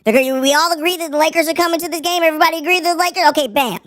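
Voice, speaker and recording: Squeaky pitched-up cartoon coach. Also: male voice, racing, bright, forceful tone, no echo, clean studio sound. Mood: scheming. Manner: rambling, self-assured game-plan talk. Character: squeaky cartoonish male basketball coach, scheming.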